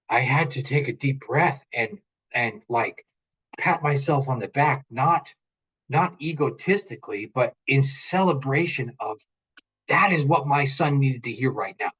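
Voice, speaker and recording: A man in his forties, a parent and interview guest, telling stories in an earnest, animated way and often repeating his words. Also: mid-range voice, breathy edge, muffled recording. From United States. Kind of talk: casual interview chat.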